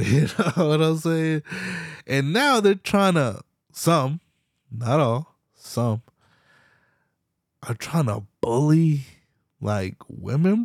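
Profane animated young man ranting. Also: on the high side, no echo, studio quality. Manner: profane, animated, slangy, laughs often. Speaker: podcast host. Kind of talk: casual solo podcast rant.

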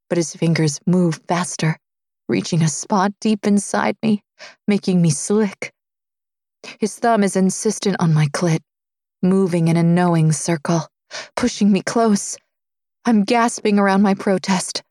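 A woman narrating a romance audiobook in the first person, with a low, intimate reading. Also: fairly even intonation, a little slow, no echo, clean studio sound. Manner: low, intimate reading, dropping softer for his lines.

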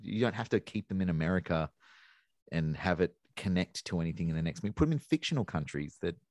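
Deep-voiced man chatting casually, dry sound. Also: lively intonation, quick pace, darkish tone, no echo. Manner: rambling, enthusiastic, swears casually. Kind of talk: casual film discussion.

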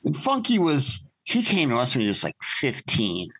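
A man telling stories in a casual chat as a podcast guest, animated, laughing often and swearing casually. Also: mid-range voice, moderate pace, breathy edge. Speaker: podcast guest, business owner.

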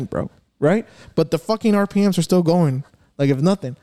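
A man's voice: fairly high pitch, animated, a little fast, dark tone, no echo, clean studio sound. A young man telling a rambling, profane story among friends at home, slipping in Spanish phrases. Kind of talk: casual chat among friends.

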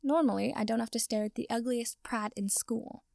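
A woman's voice: on the high side, normal speed, vocal fry, darkish tone, no room sound, studio quality. A woman voicing a haughty, snide teenage boy wizard who taunts his rival.

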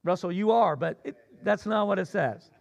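A man preaching a sermon as pastor, swinging between loud emphatic cries and low asides. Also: normal speed, gravelly, muffled recording.

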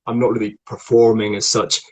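A man's voice: fairly low pitch, little pitch movement, fairly quick, slightly rough, low-quality recording. A man with a Scottish accent, a voice coach explaining acting technique in a chatty way with many restarts. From Scotland. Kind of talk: online acting lesson conversation.

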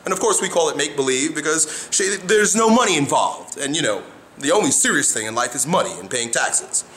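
Man, motivational vlogger, bright tone, very lively pitch, acts out what he describes. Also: brisk. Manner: animated storyteller, acting out faces and sounds. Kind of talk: motivational talk to camera.

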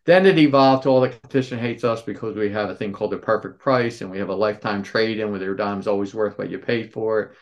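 A man's voice: lowish voice, fast, few pauses. A man in his sixties, a store owner, telling stories as a podcast guest and acting out the people in them. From Philadelphia area. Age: 60s. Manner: animated storyteller, acts out quoted voices. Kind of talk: storytelling interview answers.

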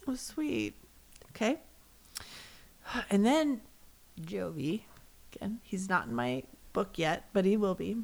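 Giggly woman with a gravelly, lively voice. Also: medium pitch, slow pace, long pauses. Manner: giggly, rambling storyteller. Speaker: podcast co-host. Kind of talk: casual chat, recapping a reality show.

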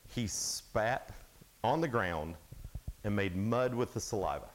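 A young man preaching a casual youth sermon, retelling Bible stories in an animated way with lots of fillers. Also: lowish voice, brisk, low-quality recording. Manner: animated storytelling, acts out Bible scenes; casual, filler-heavy talk with frequent "like". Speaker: youth speaker.

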